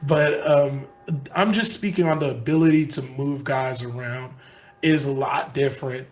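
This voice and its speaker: A man's voice: mid-range voice, fairly even intonation, normal speed, faint music behind. Rambling earnest podcast co-host man. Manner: rambling, earnest, many restarts. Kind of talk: casual sports podcast chat.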